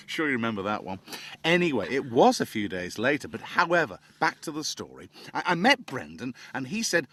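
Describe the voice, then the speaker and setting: A man's voice: mid-range voice, sing-song, moderate pace, sharp tone, husky. Guy, jokey and self-mocking, chuckles a lot, very bouncy voice. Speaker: actor telling how he joined the show. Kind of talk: anecdotal monologue to camera.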